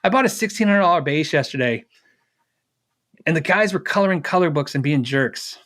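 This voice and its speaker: A middle-aged man being interviewed as a guest tells a personal story in a fairly high, animated, somewhat bright voice at a fairly quick pace. He keeps it casual, acting out the dialogue and sprinkling in fillers and laughter.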